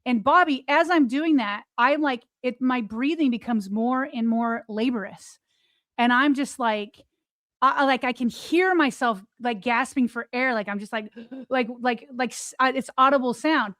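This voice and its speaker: A woman's voice: high-pitched, moderate pace, dry recording. A woman co-hosting a podcast, retelling a personal story in a loose chat full of fillers and quoted thoughts. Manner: animated retelling, many "like" fillers.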